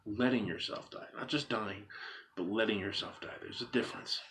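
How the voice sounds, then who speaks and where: Earnest low-voiced man pleading with viewers. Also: normal speed, fairly bright tone. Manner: emphatic, repeats phrases, rhetorical questions. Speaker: vlogger. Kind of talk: earnest monologue to camera.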